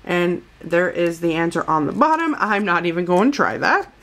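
A woman's voice: fairly low pitch, lively intonation, normal speed, fairly bright tone, slight background noise. A woman vlogger from the United States chatting casually through a toy unboxing, gushing and calling her viewers guys.

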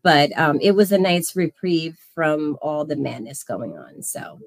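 A woman's voice: low-pitched, animated, measured pace, vocal fry, no echo. A woman in her thirties hosting a casual livestream, effusively thanking viewers by name. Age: 30s. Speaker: livestream host.

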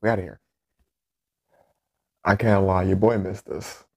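A man's voice: low voice, fairly even intonation, a little slow, vocal fry, darkish tone, husky. Laid-back, slangy man reacting. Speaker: reaction video host. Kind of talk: casual reaction commentary.

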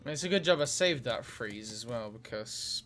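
A man's voice: medium pitch, moderate pace. A man casually commentating his own card game match, thinking aloud as he plays. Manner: relaxed, thinking aloud while playing. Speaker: gameplay commentator. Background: game music.

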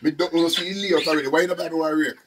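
A man's voice: on the high side, fairly even intonation, very fast, noisy background. A Jamaican man hosting a live stream to sell chickens, talking casually in patois and repeating his phrases.

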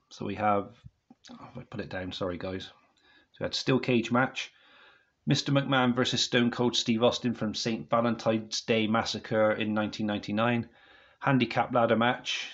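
A man's voice: fairly low pitch, fairly bright tone, lo-fi sound. A man casually reviewing a wrestling DVD set to camera at home, rambling and often apologising to viewers. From United Kingdom.

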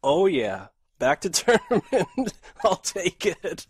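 A middle-aged man giving live chess stream commentary, excitable, talking to himself and breaking into frequent laughter. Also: sits high, takes it slowly, husky.

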